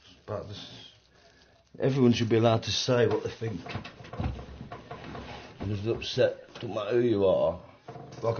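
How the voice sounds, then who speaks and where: A middle-aged man with a lowish, darkish voice, recorded from a distance, chats casually while streaming a racing game, rambling and swearing in slang. It's captured on a roomy, dull-sounding home mic.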